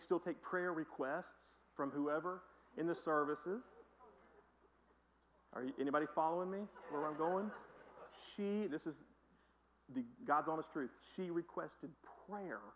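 A man's voice: on the high side, muffled recording, a little hiss or hum. A man pastor preaching a sermon in a conversational, emphatic storytelling manner. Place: church.

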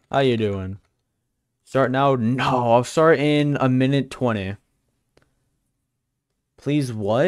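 A young man live-streams a game, his smooth mid-range voice captured in clean studio sound with no echo. He keeps up a joking, teasing banter with his viewers.

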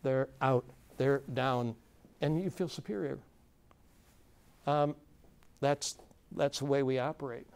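A man's voice: medium pitch, takes it slowly, creaky, long pauses, a little mellow, clear, resonant tone. A man facilitating a conference workshop, talking informally to a live audience with plenty of fillers and restarts and questions thrown to the room. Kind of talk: conversational lecture to a live audience.

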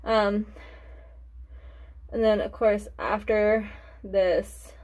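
A woman's voice: medium pitch, steady tone, drawn-out words, darkish tone. A young woman chatting casually through a makeup tutorial, rambling and forgetful, short of breath and sighing between thoughts. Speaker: beauty vlogger.

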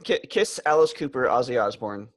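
A man's voice: mid-range voice, very animated, brisk, dry recording. A man co-hosting a podcast in casual chat, laid-back and a bit hesitant, with frequent fillers. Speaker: podcast co-host.

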